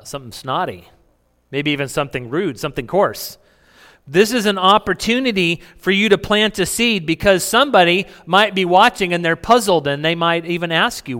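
With frequent chuckles and many restarts, a man preaching as pastor keeps his sermon conversational, posing questions to the congregation. The hall is reverberant, and his voice is fairly high and a bit bright.

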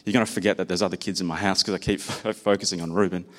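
A man's voice: low-pitched, fairly even intonation, very fast, fairly bright tone. A man preaching a sermon, speaking personally and conversationally and sharing stories about his own children.

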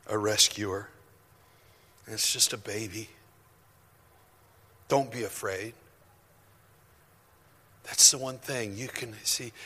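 Pastor, male, bright forceful delivery, impassioned sermon, long hall reverb. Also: medium pitch, breathy edge. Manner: impassioned, rising to near-shouts.

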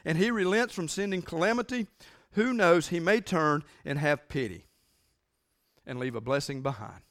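A man preaching a sermon as pastor, emphatic and repetitive, swinging between loud declarations and hushed lines. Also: a little high, moderate pace.

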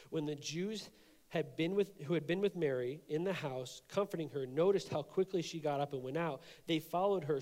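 A man's voice: fairly high pitch, darkish tone, in a large hall. A man preaching a sermon, reading scripture aloud and commenting on it in a casual, conversational way. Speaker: pastor.

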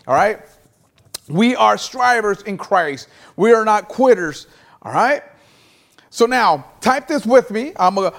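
A male guest pastor preaching an online sermon, pressing listeners to repeat and type phrases back to him in call-and-response. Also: sits high.

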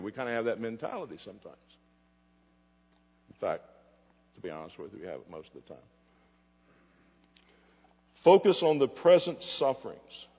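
A man preaching a sermon in a slightly high, husky voice that climbs and falls a great deal. He swings between emphatic lines and quiet asides. The dull, lo-fi recording carries a long reverb from a big hall. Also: very animated, normal speed, pauses often. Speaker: pastor.

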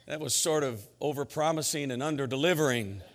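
Middle-aged man, pastor, energetic emphatic sermon, storytelling, mid-range voice, long church-hall reverb. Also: mid-range voice, fairly quick. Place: church sanctuary.

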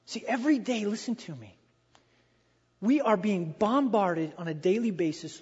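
A man preaching a sermon in a lively, animated way, acting out quoted voices and repeating phrases for emphasis. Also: high voice, normal speed, breathy edge. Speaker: pastor. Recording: dull lo-fi sound with long hall reverb.

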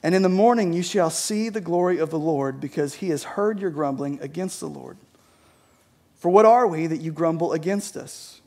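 A man's voice: on the high side, moderate pace, mellow. A man preaching a sermon as a pastor, conversational, with many restarts and frequent "right?" checks to the congregation. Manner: conversational, repeats words, often asks "right?".

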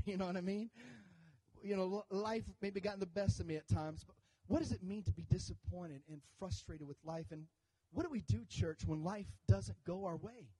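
A pastor with a high-pitched voice speaks at normal speed, though the audio is poor. He preaches a sermon to his church through an animated story, with jokes and audience call-outs for the congregation to answer.

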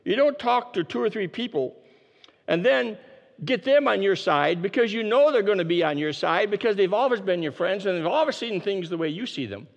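Man preaching, high voice, very animated pitch, long hall reverb, emphatic repeats. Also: fairly quick, gravelly, lo-fi sound. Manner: emphatic, repeats key phrases, drops low for emphasis. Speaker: pastor. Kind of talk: sermon.

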